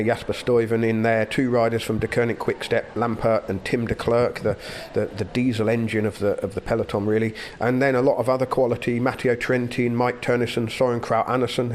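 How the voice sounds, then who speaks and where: A man hosting a podcast, thanking a sponsor and analysing a race in a measured way with restarts. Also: medium pitch, slight background noise. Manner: measured, thinks aloud with restarts. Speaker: podcast host. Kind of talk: casual chat, race analysis.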